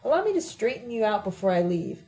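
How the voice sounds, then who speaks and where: A woman's voice: mid-range voice, big pitch swings, fast, dark tone, soft background music, poor audio. A woman reading the part of an angry young man who scolds bluntly and crudely, in an audiobook.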